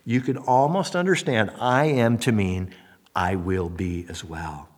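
A man preaching a sermon as a pastor, animated, acting out the voices of the people he quotes. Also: on the low side, unhurried, in a large hall.

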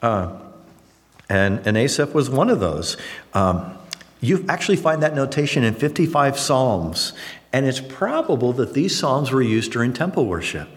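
A man teaching through a psalm in a folksy, animated way, acting out the psalmist's prayers. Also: medium pitch, normal speed, big-room sound. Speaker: Bible teacher. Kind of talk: casual Bible teaching.

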